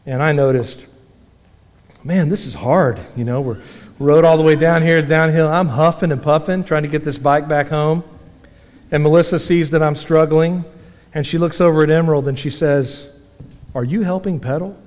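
Male pastor, high voice, folksy storyteller who builds to earnest emphasis; sermon in a church hall with long reverb. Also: moderate pace, darkish tone. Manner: folksy storytelling preacher, rising to emphatic exhortation. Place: church sanctuary.

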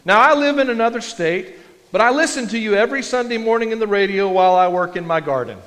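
A man putting on the voice of an eager male radio listener who talks quickly and earnestly. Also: sits high, lively intonation, fairly bright tone, voice pushed up. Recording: long hall reverb.

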